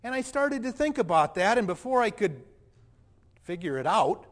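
In a dramatic first-person monologue, a man plays a proud, indignant rich young man, his delivery animated, defensive and self-righteous. His voice is high and his speed normal, with a long hall reverb around it.

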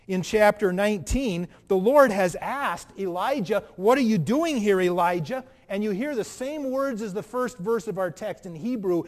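A man preaching a sermon as pastor, earnest, moving between loud emphasis and hushed, soft passages. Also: sits high. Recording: long reverb of a large hall.

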